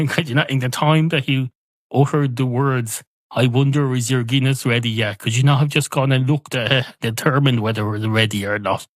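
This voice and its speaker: A man's voice: mid-range voice, normal speed, a bit bright, dry recording. A man with an Irish accent hosting a podcast, telling a comic story in a wry, conversational way. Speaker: podcast host.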